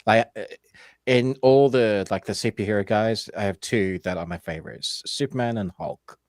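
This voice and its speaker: A man's voice: lowish voice, moderate pace, no room sound, studio quality. A man co-hosting a movie podcast, chatting casually and laughing often. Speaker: podcast co-host. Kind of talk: casual chat.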